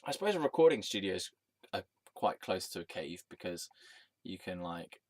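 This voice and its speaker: Low-voiced, sweary man rambling. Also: big pitch swings, normal speed, darkish tone, no echo. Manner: sweary, rambling, laughs often. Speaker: storytelling vlogger. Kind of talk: rambling personal monologue.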